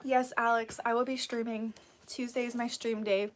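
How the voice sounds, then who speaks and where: A woman's voice: on the high side, flat delivery, normal speed, a little hiss or hum. A woman hosting a casual live stream who reads out viewer comments, encouraging and laughing often, sleepy and yawning.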